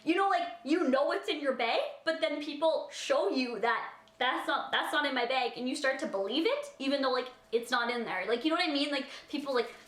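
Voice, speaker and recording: A woman vlogger telling a rambling story in a chatty, animated way, full of filler words and acted-out reactions. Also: high-pitched, brisk. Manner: animated, acts out her own reactions. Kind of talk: storytime vlog. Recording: echoey room.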